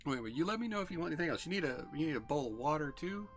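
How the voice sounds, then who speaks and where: A man's voice: on the high side, lively intonation, soft background music, pitched above the performer's own voice. A game master voicing a chatty, motherly older female innkeeper who fumbles over her words. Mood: hospitable. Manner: fumbling, friendly, quick to laugh. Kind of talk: narrating a tabletop game.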